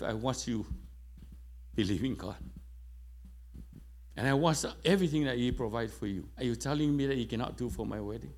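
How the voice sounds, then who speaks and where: A middle-aged man preaching a sermon, telling a personal testimony with quoted dialogue, in slightly broken English in a church. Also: mid-range voice. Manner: non-native grammar, storytelling with quoted dialogue.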